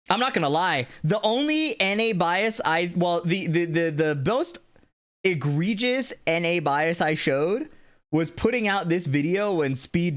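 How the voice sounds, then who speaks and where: A man chatting casually on a live stream, animated and laughing, swearing freely as he talks. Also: on the high side. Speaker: streamer and video maker.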